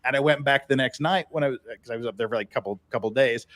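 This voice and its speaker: A man's voice: medium pitch, rapid-fire, fairly bright tone, dry recording. A man hosting a podcast, telling rambling anecdotes in a casual, easy-laughing way. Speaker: podcast host.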